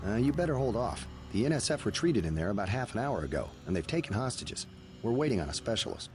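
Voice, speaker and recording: An actor playing a soldier guarding a hotel perimeter, with a curt military manner. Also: male voice, fairly low pitch, very animated, fast talker. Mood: cautious. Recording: game dialogue over game music.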